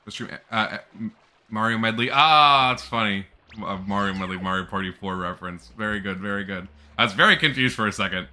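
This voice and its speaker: A man's voice: fairly low pitch, expressive, brisk, pushed and bright. A young man chatting casually on a live stream, rambling and laughing often.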